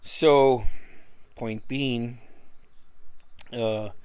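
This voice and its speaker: A man's voice: medium pitch, fairly even intonation, extremely slow, a little mellow, clean tone. A middle-aged man telling a casual, rambling personal story in a laid-back, profane way, often breaking into chuckles. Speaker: vlogger.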